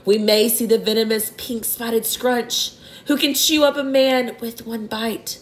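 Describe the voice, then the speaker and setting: A woman's voice: fairly high pitch, fairly even intonation, unhurried, lightly acted, rough recording. A woman voicing a grinning, boastful male centipede who recites a bouncy rhyming verse. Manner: exuberant, sing-song rhyming.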